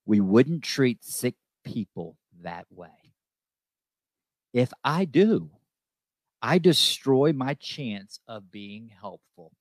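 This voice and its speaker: A man's voice: medium pitch, big pitch swings, very slow, no echo. Male host, recovery talk, earnest and emphatic, repeats himself for effect; dry close-miked sound. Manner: emphatic, repeats lines, says "okay?" often.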